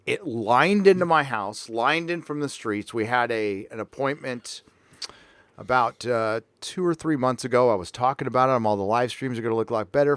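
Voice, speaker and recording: A man's voice: medium pitch, fairly bright tone, dry recording, studio quality. A middle-aged man hosting a casual panel show from his home recording room, telling a story animatedly and swearing freely. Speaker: podcast host.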